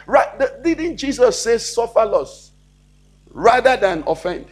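High-voiced preacher asking questions. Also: male voice, a little slow. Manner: preaching with rhetorical questions and acted-out dialogue. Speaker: pastor. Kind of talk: sermon.

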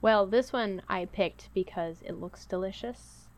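A woman's voice: medium pitch, a little slow. A woman co-hosting a podcast, chatting casually in a rambling, playful way. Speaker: podcast co-host. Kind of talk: casual chat.

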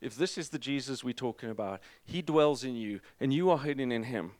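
A man preaching a sermon as pastor, energetic and emphatic, with jokes to the congregation. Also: mid-range voice, fairly quick, dry recording.

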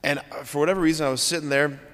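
A man's voice: a little high, steady tone, very fast, a bit bright. Earnest priest in his thirties, church reverb. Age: 30s. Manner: conversational, earnest storytelling with rhetorical questions. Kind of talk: homily.

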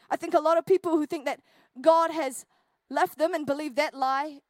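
A woman pastor delivering an earnest sermon, rising to intense peaks and dropping to quiet, intimate passages. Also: high voice, no room sound. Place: church.

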